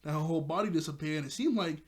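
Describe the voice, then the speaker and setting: A man casually recapping a cartoon episode for his review channel, chuckling often and getting excited as he retells it. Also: a little high, racing, a little hiss or hum.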